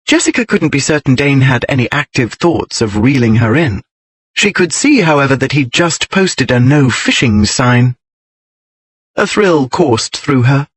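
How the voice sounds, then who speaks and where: A man narrating a historical romance audiobook in a measured, even storytelling manner. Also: medium pitch, breathy edge, no room sound.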